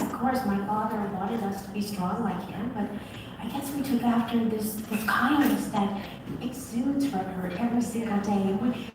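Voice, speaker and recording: Woman guest, gushing, emotional storyteller; high voice, distant mic in a noisy echoing hall. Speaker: guest on stage. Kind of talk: live stage conversation. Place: large venue with audience. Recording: echoey hall from far off, noisy.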